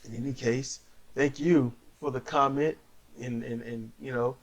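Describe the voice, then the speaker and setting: A man casually recapping wrestling matches as a co-host, telling it in an animated way and acting out the wrestlers. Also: measured pace. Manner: animated storyteller, acts out wrestlers in high voices.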